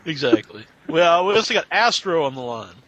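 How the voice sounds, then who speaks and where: Quick, bright-toned male radio host. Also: a little high, sing-song. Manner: brief, quick interjections. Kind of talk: casual radio talk. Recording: dull lo-fi radio audio.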